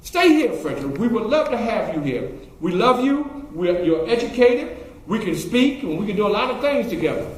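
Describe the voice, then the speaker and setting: A man's voice: high voice, sing-song, normal speed. A man voicing a kindly lady benefactor who coaxes a friend to stay. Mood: coaxing. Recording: very echoey room.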